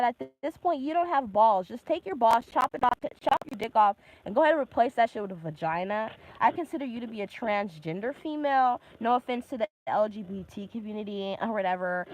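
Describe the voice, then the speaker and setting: A woman's voice: a little high, rough recording. A woman in her twenties ranting on a live stream, agitated and heavily profane, talking in bursts into her phone camera out in public. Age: 20s. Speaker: vlogger. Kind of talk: angry live-stream rant.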